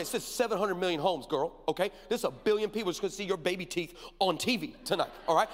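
A man preaching a sermon, telling a story and acting out the dialogue with animated energy. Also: high voice, fast, hardly any pauses. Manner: animated, acts out dialogue, builds to shouted preaching. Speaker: pastor. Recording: long hall reverb.

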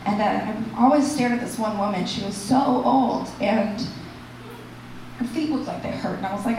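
A woman performing a stand-up comedy set and hosting the show, animated and shouting her punchlines in high bursts. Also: moderate pace, far from the mic, slight background noise. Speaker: stand-up comic and festival host. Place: comedy club stage. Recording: echoey room picked up from afar.

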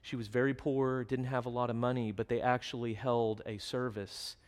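A man's voice: mid-range voice, little pitch movement, normal speed. Earnest male preacher in a reverberant hall. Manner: earnest storytelling, reading scripture aloud. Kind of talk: sermon.

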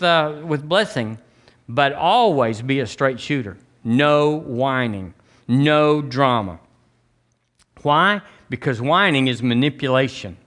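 A man's voice: medium pitch, a bit bright. A man preaching a blunt, emphatic sermon as pastor, drawing the congregation into call-and-response.

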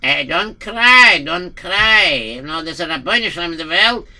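A man's voice: sits high, animated, normal speed, bright, forceful tone, full character voice. Man playing a fretful Yiddish-accented innkeeper. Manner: anxious, frets aloud with many stammered fillers. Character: worried male village innkeeper, nervous and fretful. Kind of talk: amateur radio-play acting.

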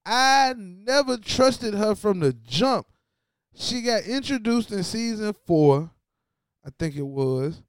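A man talks over a TV finale at an unhurried pace, loose and full of slang as he speaks straight to his viewers. His voice sits high and sounds smooth and clear. The recording is dry and close, with no room sound. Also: lively intonation, no room sound. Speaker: show host. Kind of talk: casual TV recap commentary.

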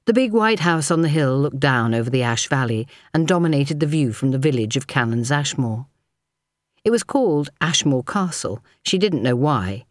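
A woman narrating a novel as an audiobook in a measured, even storytelling manner. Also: very deep voice, no echo, clean studio sound.

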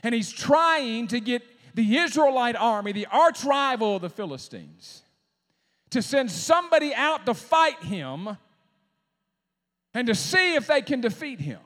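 A man preaching a sermon as a pastor, with shouted climaxes and dramatic pauses. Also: very high-pitched, sing-song, in a large hall.

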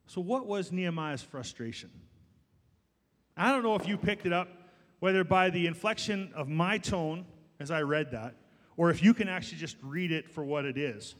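A man's voice: on the high side, lively intonation, moderate pace, fairly bright tone, in a large hall. A male pastor preaching a sermon in a church, emphatic and rhetorical, stretching out the words he stresses. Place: church sanctuary.

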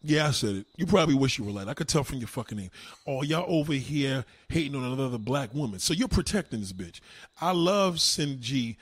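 A man ranting on a livestream, answering his chat in a loud, combative, mocking way. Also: mid-range voice, animated, a little fast, breathy edge, no room sound. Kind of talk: live-stream rant.

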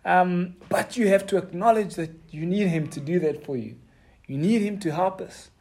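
A man preaching a sermon, earnest and halting, with many restarts and fillers. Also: high-pitched, darkish tone.

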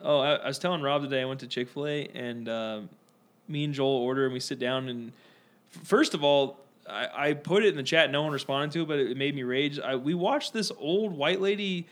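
A man's voice: mid-range voice, brisk. A man co-hosting a podcast, telling rambling stories in casual chat and mimicking the people in them. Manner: rambling, animated storytelling with mimicked voices. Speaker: podcast co-host.

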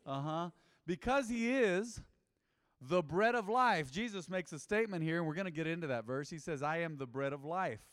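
A man's voice: a little high, expressive, moderate pace, fairly bright tone, no echo, in a large hall. A man preaching a sermon as pastor, emphatic and repeating phrases, calling on the congregation to answer back.

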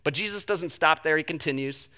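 A young man preaching a sermon, telling the story with animated delivery and acting out the quoted voices. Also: on the high side, brisk. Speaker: pastor.

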